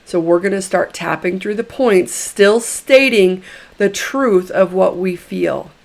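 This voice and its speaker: A woman guiding a tapping session, repeating phrases emphatically and giving gentle, encouraging instructions. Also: on the low side, gravelly. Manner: slow, emphatic repetition of phrases. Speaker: tapping therapy guide.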